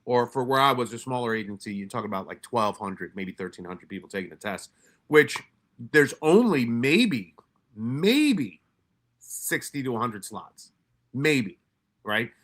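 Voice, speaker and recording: A man raised in New York tells his stories casually, stumbling over restarts and swearing freely. His voice is bright and forceful. He acts out his own lines and those of others as he goes. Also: mid-range voice, a little slow. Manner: profane, animated retelling with many restarts and quoted asides. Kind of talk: casual storytelling.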